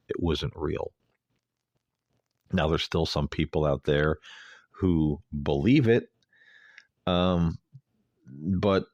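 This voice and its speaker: A man's voice: rumbling low, darkish tone, no room sound, studio quality. A male host giving a rambling, hesitant, earnest solo commentary.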